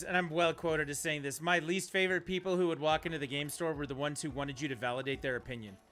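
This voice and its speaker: This gamer's voice is high and sharp as he livestreams, chatting loosely and ranting without filter, with some cursing.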